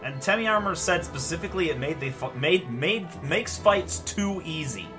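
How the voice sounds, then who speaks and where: A man's voice: fairly high pitch, expressive, moderate pace, music in the background. Chatty man playing through a game. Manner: chatty, self-deprecating, reads game text aloud. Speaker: let's play host. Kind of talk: casual gameplay commentary.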